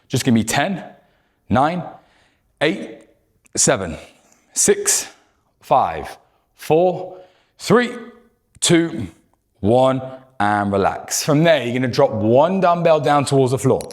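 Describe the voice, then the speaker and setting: A man's voice: mid-range voice, darkish tone. A man leading a guided workout, cueing each move and counting down the reps in an encouraging way. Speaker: fitness coach.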